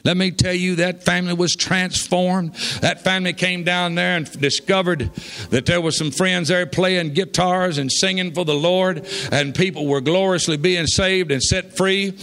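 High, bright preacher telling a story. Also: male voice, fairly even intonation, normal speed. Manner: folksy, rising to shouts of praise. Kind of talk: sermon storytelling. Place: church.

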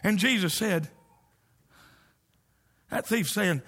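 A middle-aged man preaching a sermon as a visiting preacher, with whoops and shouts that drop to near whispers. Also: high voice, lively intonation, slow, pauses often.

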